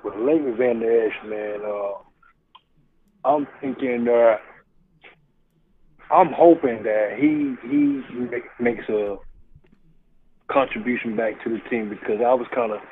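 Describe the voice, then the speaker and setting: A man calling in to a sports show, speaking haltingly with many fillers. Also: mid-range voice. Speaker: caller. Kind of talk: casual phone call-in chat. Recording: tinny phone line with faint noise.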